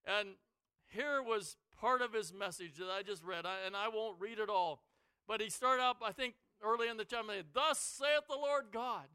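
High-voiced, bright preacher giving a sermon. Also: male voice, moderate pace, clear, resonant tone, no echo. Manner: dramatic, swings from quiet to shouting. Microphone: headset mic.

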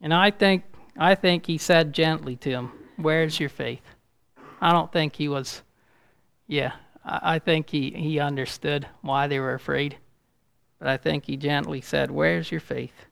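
A man giving an informal, halting sermon, speaking with a gravelly voice that rises loud and urgent at points. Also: a little high, steady tone, no echo. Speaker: preacher.

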